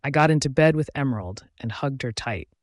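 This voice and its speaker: A man narrating a first-person audiobook in a steady, even reading voice. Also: mid-range voice, a little fast, dry recording, clean studio sound.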